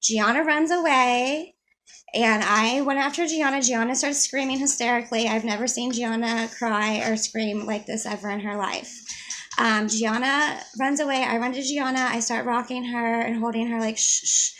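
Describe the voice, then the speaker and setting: A woman's voice: fairly high pitch, steady tone, moderate pace, fairly bright tone. A mother telling an upsetting personal story to the camera in a rambling, casual way, with many fillers and restarts.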